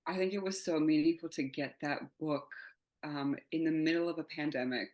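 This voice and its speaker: Low-pitched and a little mellow, this woman talks slightly fast as a playwright guest in a casual interview. She's in her thirties, English is not her first language, and she rambles candidly, frequently laughing and swearing. Recording quality is low.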